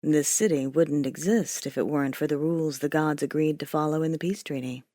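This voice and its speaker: A woman voicing a calm, stern male character who speaks in a measured, quietly pointed way. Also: low-pitched, no echo, studio quality, pitched below the performer's own voice. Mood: cool. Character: calm, stern male rule-follower with a cool bite.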